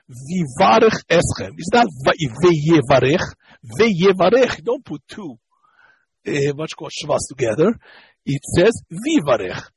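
A man's voice: high voice, slightly rough, poor audio. A man teaching a lesson on Hebrew grammar. He explains step by step, repeats key points, and stops to search for words. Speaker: Torah teacher.

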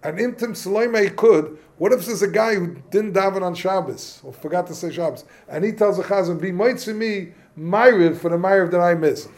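A man's voice: sits high, normal speed, hardly any pauses. A man teaching an informal Torah class, asking questions and mixing in Hebrew and Yiddish terms. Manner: casual, questioning, yeshivish phrasing mixed with English. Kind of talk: informal Talmudic lesson.

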